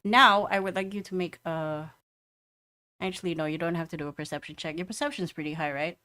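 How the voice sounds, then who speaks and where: A woman running a tabletop game with a somewhat low voice. She narrates descriptively and often pauses and restarts her sentences. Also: steady tone, bright, forceful tone. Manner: descriptive, with many fillers and restarts. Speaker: game master.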